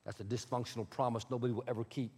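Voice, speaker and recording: A man's voice: medium pitch, flat delivery, very fast, darkish tone, husky, long reverb tail. A male pastor preaching a sermon in a conversational way, with asides to the congregation.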